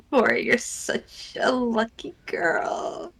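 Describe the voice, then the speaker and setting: A woman's voice: medium pitch, huge pitch swings, unhurried, creaky, husky, heavily acted. Woman doing a tipsy valley-girl type.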